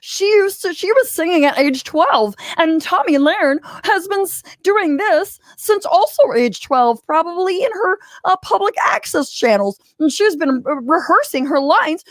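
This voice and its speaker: A woman's voice: very high voice, dry recording, studio quality. A woman comedian and commentator in a televised debate, full of sarcastic, mocking asides.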